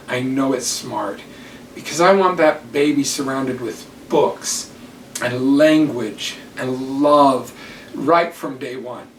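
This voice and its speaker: An older man and church teacher giving a devotional talk, telling personal stories slowly and deliberately. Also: medium pitch, a little hiss or hum. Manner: slow, deliberate storytelling. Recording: roomy, distant mic, faint ambience.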